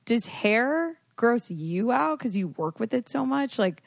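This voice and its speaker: Lively high-voiced woman host, chatty and exclamatory, podcast chat. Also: unhurried, creaky, no echo, studio quality. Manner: animated, exclamatory, lots of "like". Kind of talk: casual chat.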